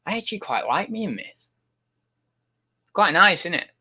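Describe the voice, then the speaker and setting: Man, livestreamer, rambling chat, fairly high voice, self-interrupting. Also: very animated, normal speed, sharp tone, breathy edge.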